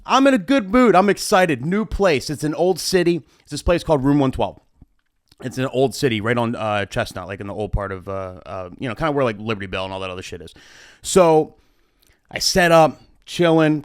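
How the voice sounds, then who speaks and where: A man, a wedding DJ and show host, telling a story in a chatty, animated, profane way into a studio mic. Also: mid-range voice, a little fast, no room sound. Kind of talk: storytime monologue. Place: home streaming setup. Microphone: studio mic on boom arm. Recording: dry close studio mic.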